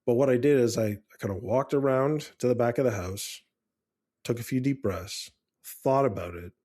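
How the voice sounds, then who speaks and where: A man's voice: medium pitch, normal speed, mellow. A man co-hosting a casual parenting advice chat, talking earnestly with frequent restarts and fillers. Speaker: podcast co-host.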